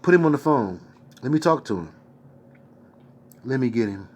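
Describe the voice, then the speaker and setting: A man's voice: medium pitch, expressive, normal speed, close to an everyday voice. A man reading out the lines of a troubled, lovesick grown man in his own plain voice. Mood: reassuring. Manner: read out plainly in the reader's own voice.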